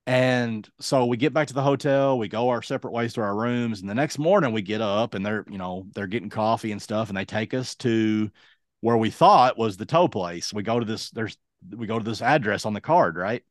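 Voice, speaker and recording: A young man and podcast co-host telling a casual, lively anecdote, acting out other people's lines as he goes. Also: on the low side, moderate pace, no echo, clean studio sound. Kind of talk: casual storytelling.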